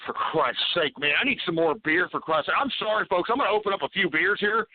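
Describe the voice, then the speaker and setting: Angry ranting talk radio man. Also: sits high. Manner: swears a lot. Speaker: radio talk show host. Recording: tinny phone-like radio audio.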